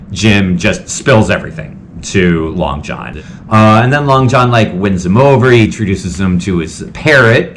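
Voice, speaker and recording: A man talks through a film recap in a loose, rambling way that is full of "like". His voice sits low. Faint hiss runs under it. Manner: chatty and rambling, heavy use of "like". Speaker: host. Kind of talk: casual film recap commentary.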